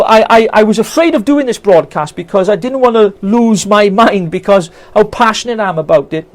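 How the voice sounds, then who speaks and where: Welsh man, political campaigner, fervent, indignant, high-pitched. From Wales. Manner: fervent, indignant, rhetorical questions. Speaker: political campaigner streaming live. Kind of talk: impassioned live-stream rant.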